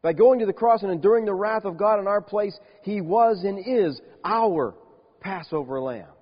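A man preaching a sermon, emphatic, slowing down and dropping soft on key words. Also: high-pitched, lively intonation. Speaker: pastor. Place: church sanctuary. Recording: dull lo-fi church recording with long reverb.

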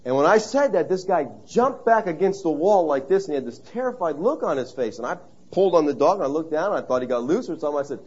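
A man's voice: on the high side, lively intonation, fast talker, darkish tone, husky, dull audio. A man preaching a sermon in a conversational, story-telling way, stressing key phrases by repeating them. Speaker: pastor.

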